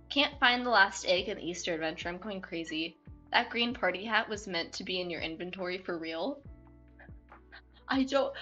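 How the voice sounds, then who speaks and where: A bubbly young woman chatting with viewers on her stream, voice at an ordinary middle pitch and full of feeling. She rambles cheerfully and giggles often, with faint music playing behind her. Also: fairly bright tone, dull audio. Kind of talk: casual live-stream chat. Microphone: desktop mic, no webcam.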